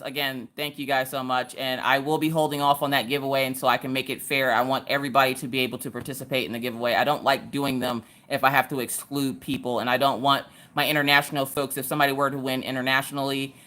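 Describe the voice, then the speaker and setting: A woman's voice: rumbling low, fairly even intonation, quick pace, hardly any pauses, bright, forceful tone. A woman, chatting casually with her livestream audience from her couch at home while she crafts, laughing often and greeting viewers by name. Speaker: livestream host.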